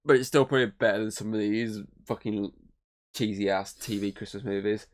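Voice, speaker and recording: A man's voice: fairly even intonation, a little fast. A man co-hosting a podcast, talking casually and at length about a film, swearing often. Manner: rambling, swears, mimics voices in high pitch. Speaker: podcast co-host. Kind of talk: casual movie review chat.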